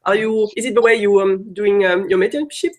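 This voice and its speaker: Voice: mid-range voice, steady tone, brisk, darkish tone. Hesitant interviewer with many fillers. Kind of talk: interview questions.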